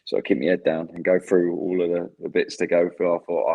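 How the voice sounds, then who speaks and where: A man in his thirties with an English accent and a very deep voice, chatting as a guest on a podcast. He laughs often, trips over his words and starts sentences over. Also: level tone, warm tone. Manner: laughs often, self-deprecating, halting restarts. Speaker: guest, former footballer. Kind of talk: casual interview chat.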